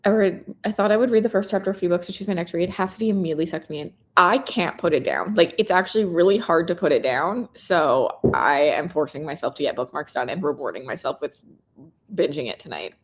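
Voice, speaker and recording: Quick-paced and expressive, with a voice on the low side, a young Canadian booktuber hosts a relaxed live reading chat. She reads viewer comments aloud, bubbly and talkative.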